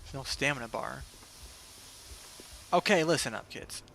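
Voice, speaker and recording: A man's voice: medium pitch, lively intonation, measured pace, gravelly, fairly bright tone, a little hiss or hum. A man streaming a game, chatting casually in an offhand, joking way and reading item text aloud. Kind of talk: casual gameplay commentary.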